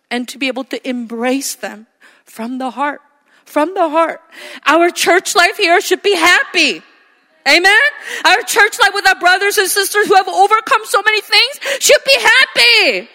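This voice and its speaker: A woman's voice: high voice, pushed and bright. A woman pastor preaching a sermon with impassioned delivery, repeating phrases for emphasis, in a church sanctuary. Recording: long reverb of a church hall.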